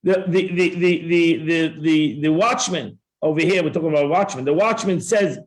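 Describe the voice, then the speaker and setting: Guy teaching a torah class, kinda high voice, acts out both sides, lots of restarts. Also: moderate pace, few pauses. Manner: repeats words and restarts often. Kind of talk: classroom Talmud lesson.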